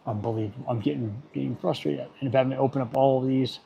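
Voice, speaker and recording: A man's voice: medium pitch, steady tone, very fast, vocal fry, slight background noise. A middle-aged man, an automotive technician, chatting casually on a livestream while he works, muttering and getting irritated, with dry jokes. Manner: muttering, easily irritated, joking. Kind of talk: livestream chat while working. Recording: dull lo-fi stream audio.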